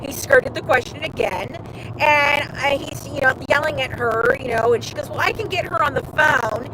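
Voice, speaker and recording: High-pitched woman ranting and telling a story from a moving car, does little voices for people, lots of road noise. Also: normal speed. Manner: animated storytelling, mimics others, swears freely. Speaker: show host. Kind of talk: casual chat on a livestream. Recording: noisy car interior.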